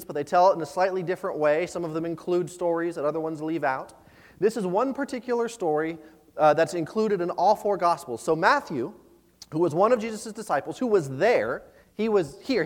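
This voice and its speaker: A male pastor delivers a sermon in a relaxed, conversational way, often doubling words as he thinks aloud. His voice sits high for a man. The sound carries a long reverb, as in a church sanctuary.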